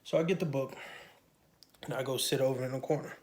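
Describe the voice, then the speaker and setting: A man in the middle of his voice range tells a storytime monologue. His delivery is profane and animated, with sudden loud outbursts. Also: mid-range voice, brisk. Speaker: channel host.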